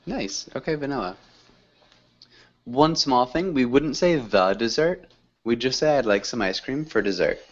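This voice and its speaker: Lively encouraging male English teacher. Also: medium pitch, unhurried, highs cut off. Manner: encouraging, corrects gently. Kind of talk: online class teaching.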